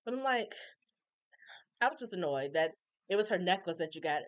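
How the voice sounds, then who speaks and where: A woman recapping a TV episode in casual chat, opinionated and animated, acting out characters' lines with colloquial asides. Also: mid-range voice, brisk, long pauses, dry recording. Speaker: recap reviewer.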